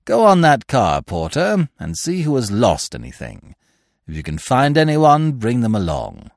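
A man playing a gentle, wry plainclothes cop. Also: mid-range voice, wildly swooping pitch, unhurried, no room sound, clean studio sound. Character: gentle, dry-humored male plainclothes police officer.

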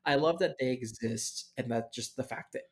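A man's voice: medium pitch, moderate pace. A man guesting on a casual podcast, rambling with fillers and restarts and laughing easily. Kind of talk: casual chat.

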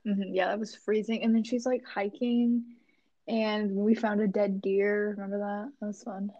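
A woman's voice: mid-range voice, flat delivery, moderate pace, mellow, no room sound. A young woman from the American South, co-hosting a podcast in a joking, chatty way. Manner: chatty, joking, lots of fillers. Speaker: podcast co-host. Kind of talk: casual chat. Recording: muffled lo-fi audio.

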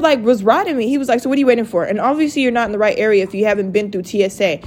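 A young woman telling a story to her viewers in a casual rant, profane and animated. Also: on the high side, quick pace. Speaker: vlogger.

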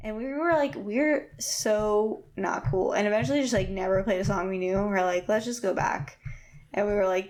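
A woman in casual conversation, rambling through a story with many fillers and animated quotes. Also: medium pitch, moderate pace. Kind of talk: casual chat.

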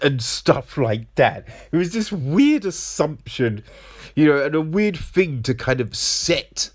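A very animated man with a fairly high voice and a breathy edge talks slowly and casually through a film. As a reviewer, he's chatty, repeatedly checks in with "right?", and puts on mocking voices.

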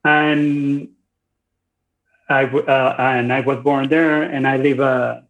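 Guy from venezuela, 40s, talks real slow with lots of ums, dull lo-fi sound. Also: medium pitch, little pitch movement. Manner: slow and hesitant, many ums and fillers. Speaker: podcast guest. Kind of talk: casual interview conversation. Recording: dull lo-fi recording.

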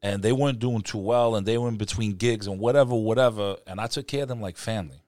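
A man's voice: lowish voice, a little mellow, dry recording, clean studio sound. A man hosting a casual podcast, giving reflective advice in a laid-back street manner and often saying "man". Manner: fast, reflective street talk, says "man" a lot. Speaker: podcast host.

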